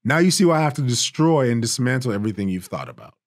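A man teaching a Bible study in a casual, emphatic way, raising his voice to stress points and slowing down on key phrases. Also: medium pitch, big pitch swings, no room sound, clean studio sound. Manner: emphatic and conversational, rising for stress, drawing words out slowly.

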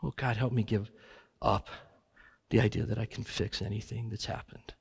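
Earnest man praying, husky voice. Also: on the low side, steady tone. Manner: earnest, halting, confessional. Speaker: guest preacher leading prayer. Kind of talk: spoken prayer. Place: church sanctuary.

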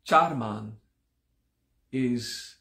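A man teaching a live-streamed class, slow and deliberate, repeating each term several times, sounding like he has only just woken up. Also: mid-range voice, creaky, sharp tone, echoey room. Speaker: yoga teacher.

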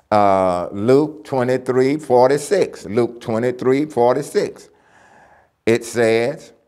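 A man teaches a church Bible lesson in a low, unhurried voice. He hammers home key phrases by repeating them and reads scripture aloud with emphasis.

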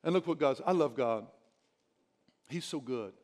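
A man's voice: medium pitch, unhurried, a little mellow. A male pastor preaching a sermon, urging the congregation with emphatic repetition and the odd chuckle.

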